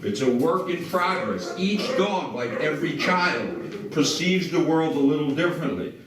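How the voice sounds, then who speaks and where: A man working as a dog trainer, calmly explaining and demonstrating while giving short commands to dogs indoors at a house. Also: fairly high pitch, moderate pace, crowd noise. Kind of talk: instructional demonstration. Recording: roomy, distant mic with background noise.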